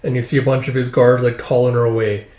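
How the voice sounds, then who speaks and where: Fast and with little pitch movement, a man's darkish, medium-pitched voice recaps a manga in loose, chatty reading narration peppered with fillers. He's a manga reader and reviewer, recorded with a roomy echo.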